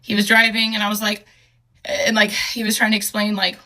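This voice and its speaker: A young woman telling a personal story in a halting, hesitant way, with many fillers and restarts, earnest and emotional. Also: mid-range voice, flat delivery, sharp tone.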